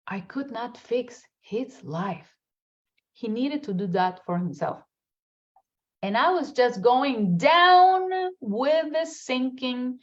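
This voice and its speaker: Slow-talking woman coach, dull audio. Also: a little high. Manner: slow, storytelling, with frequent laughs and fillers. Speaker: high performance coach. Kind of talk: motivational video monologue.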